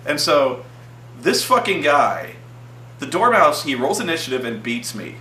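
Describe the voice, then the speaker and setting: A man telling a story about his tabletop game character, excitable and profane, acting out quotes in a raised voice. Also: a little high, unhurried, reverberant, a little hiss or hum. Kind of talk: animated storytelling.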